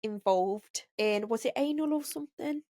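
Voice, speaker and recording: A woman's voice: a little high, normal speed, dark tone, no room sound. A woman with a Northern English accent co-hosting a podcast, cheeky and giggly in casual chat. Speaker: podcast co-host.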